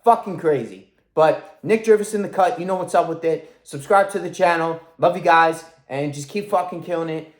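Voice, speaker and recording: A man's voice: a little high, normal speed, reverberant. Intense, profane young man coaching. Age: 20s. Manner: intense, profane, self-driven. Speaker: fitness coach. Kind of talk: motivational vlog monologue. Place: room at home.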